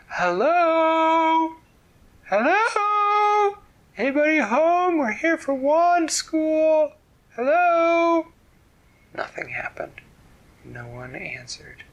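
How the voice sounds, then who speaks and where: A man's voice: medium pitch, creaky, poor audio. Man whispering a bedtime story. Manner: soft, hushed, gently explaining.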